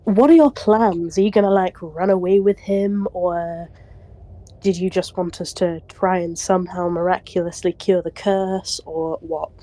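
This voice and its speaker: A woman's voice: fairly low pitch, fairly even intonation, a little slow, mellow. A woman playing a tabletop game, hesitant, laughing often and trailing off. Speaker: player.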